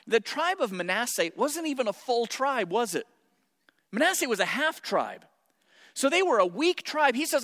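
A male pastor preaches in a lively, playful way and jokes with his congregation. His voice sits high for a man and swings widely in pitch. Long reverb from the church hall trails behind each phrase. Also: moderate pace. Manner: animated and playful, with asides to the congregation. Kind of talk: sermon. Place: church sanctuary.

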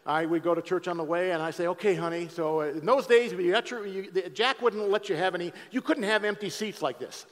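A middle-aged man preaches his testimony in a big auditorium, his somewhat high voice trailing off into a long hall echo. He talks straight to the crowd, dropping low and quiet and then climbing up loud. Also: brisk, few pauses. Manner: conversational, addresses audience directly, shifts from hushed to loud. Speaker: speaker giving a testimony talk. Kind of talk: sermon-style testimony. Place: large auditorium.

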